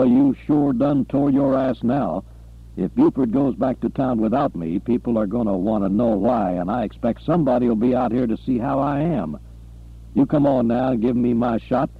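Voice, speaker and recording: A man voicing an angry, bullying older captain who yells and demands, in an audiobook. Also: mid-range voice, animated, moderate pace, vocal fry, breathy edge, phone-quality sound, heavily acted. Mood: angry blustering. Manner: blustering, yelling, domineering.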